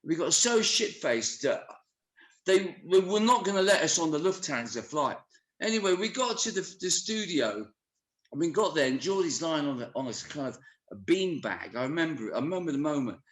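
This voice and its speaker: A man telling wild anecdotes in a casual conversation, animated and swearing freely. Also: a little high, moderate pace, reverberant. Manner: animated storyteller who swears often. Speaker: musician guest.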